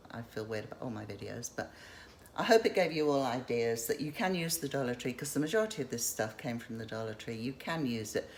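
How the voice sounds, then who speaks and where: A woman's voice: very deep voice, slight background noise. A woman, chatting in a rambling, casual vlog as she shows what she has stored. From England. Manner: chatty, rambling, self-interrupting. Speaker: vlogger. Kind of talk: casual show-and-tell vlog.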